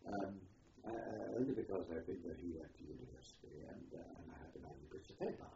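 A man's voice: low-pitched, expressive, quick pace, creaky, mellow. An older man, an army veteran, recalling his service in an oral history interview, hesitant with many ums and restarts. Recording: muffled, roomy, distant, faint hiss.

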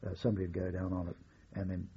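In a low, warm, slightly rough and monotone voice, an older man who served in the war calmly shares his memories, letting out occasional wry chuckles. The recording is muffled.

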